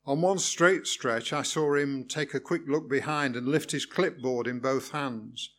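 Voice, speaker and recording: A man's voice: mid-range voice, a little slow, fairly bright tone. Wry man reading his story. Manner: wry, good-humoured storytelling. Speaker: narrator. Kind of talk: first-person story reading.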